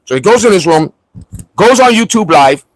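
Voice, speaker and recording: A man's voice: high voice, expressive, normal speed, poor audio. A man hosting a livestream in casual chat, ranting mockingly and swearing at a viewer. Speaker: livestream host. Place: at home in Florida.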